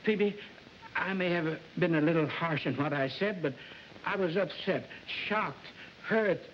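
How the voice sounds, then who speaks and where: An actor playing a flustered record company boss who blusters and fawns in a 1940s film. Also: male voice, on the high side, measured pace, lightly acted. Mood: fawning. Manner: blustering, then fawning. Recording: dull old film soundtrack with hiss.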